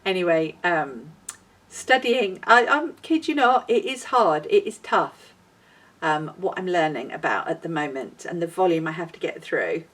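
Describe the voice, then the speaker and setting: Her voice is lowish, animated, fairly bright and a little slow. She's a knitting podcast host chatting casually in a rambling, self-deprecating way, apparently outdoors in a windy garden with her voice a little far from the mic.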